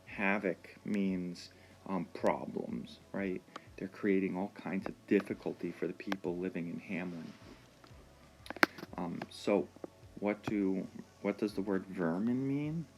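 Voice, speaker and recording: A man teaching a reading lesson, explaining words slowly and patiently with frequent pauses and ums. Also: low voice, fairly even intonation, background noise.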